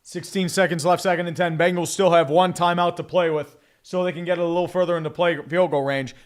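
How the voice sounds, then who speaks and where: A man's voice: a little high, fairly quick. A young man calling a football game live, reading viewer messages, cursing and joking sarcastically between plays. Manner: profane, sarcastic, swings from mumbling asides to excited calls. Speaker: streamer doing live play-by-play and reading donations. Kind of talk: casual live play-by-play commentary.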